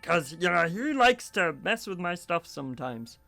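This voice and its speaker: A man's voice: high-pitched, very animated, normal speed, gravelly, pushed and bright, voice pushed up, full character voice. A man voicing a simple, easygoing male dog who rambles about wanting a bone. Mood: rambling. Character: laid-back simple male dog, Birch.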